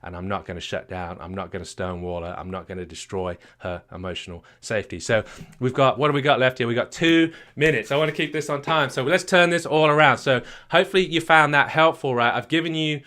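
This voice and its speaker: A man's voice: medium pitch, fairly even intonation, fast talker, sharp tone. A man from the UK, a marriage coach teaching a live session with emphatic rhetorical questions and frequent repetitions. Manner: emphatic, rhetorical questions, many repeated words.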